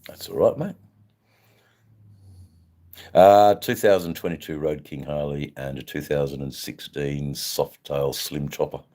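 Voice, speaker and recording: Older australian man, extremely low voice, laid-back rambling livestream chat. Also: steady tone, measured pace, long pauses, mellow. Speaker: livestream host answering chat. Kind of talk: casual live chat.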